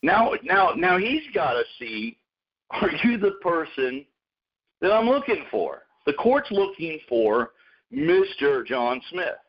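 A man's voice: fairly high pitch, huge pitch swings, slow. A man hosting a radio show, talking in a rambling, casual way and calling people dude and man. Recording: muffled lo-fi radio audio.

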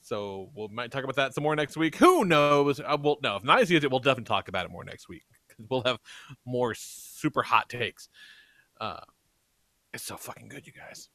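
A man hosting a podcast in casual chat, swearing freely and talking in a loose, excitable way. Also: mid-range voice, moderate pace, no room sound. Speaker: podcast host.

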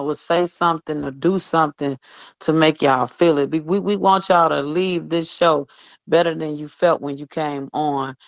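A woman's voice: sits low, dry recording. A woman co-hosting a radio show, talking in a fervent, preachy way and repeating herself for emphasis. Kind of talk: casual on-air chat. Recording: dull lo-fi audio.

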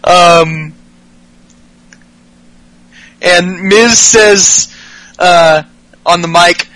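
Man, podcast host, high voice, bright tone, profane, excitable, casual wrestling recap. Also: extremely slow, no echo, rough recording. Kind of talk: casual comedic recap with acted-out quotes.

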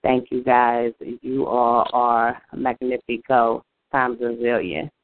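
A man's voice: medium pitch, little pitch movement, slow, dry recording. A man hosting a live call-in show, gushing with praise after a performance. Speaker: host. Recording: noisy phone line.

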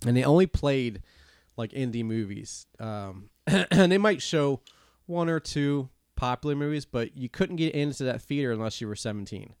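A man holds forth on a podcast, profane and animated, breaking into laughs as he rants. His voice sits at an ordinary middle pitch. The sound is dry and close, with no room around it. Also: normal speed, smooth, no room sound. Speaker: podcast co-host. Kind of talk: casual podcast banter.

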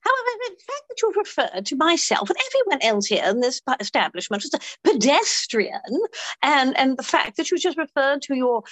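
A woman's voice: high-pitched, sing-song, brisk, a bit bright, no echo, pitched above the performer's own voice. A woman doing a tart British pub lady. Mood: haughty. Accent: British, put on. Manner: prim, cutting put-down.

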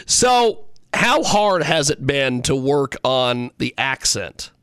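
A man's voice: medium pitch, big pitch swings, fairly bright tone, clear, resonant tone, no echo, clean studio sound. Stammering talk show host, man. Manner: stammering, halting.

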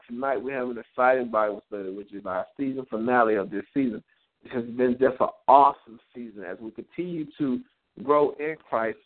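A man leads a live Bible study, teaching in a preacherly way and dropping "amen" between his points. His voice sits at an ordinary pitch for a man. It comes through thin and narrow, like a call heard over a telephone line. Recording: tinny phone-line audio.

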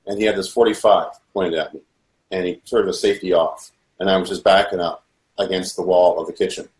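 A low-voiced man tells his story in first person, earnest and halting, often restarting his sentences. The sound rings in a roomy, echoing space. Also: fairly even intonation, a little mellow. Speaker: guest telling his story. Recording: roomy echo.

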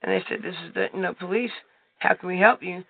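A man with a high voice and a gravelly edge leads a prayer call, preaching loosely and rambling through endless filler phrases. He is heard over a thin, tinny phone line with a dry, close sound. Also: fairly even intonation, fast talker, no echo. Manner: rambling, heavy with "you know what" fillers. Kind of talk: informal preaching on a conference call. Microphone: telephone.

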